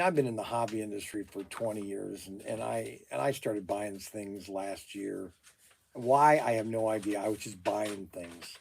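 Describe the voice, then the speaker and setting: A man's voice: medium pitch, gravelly, mellow. Brief: middle-aged man, hobby shop owner on phone calls, keeps exclaiming in disbelief and repeating himself, mid-range voice, at work in his shop.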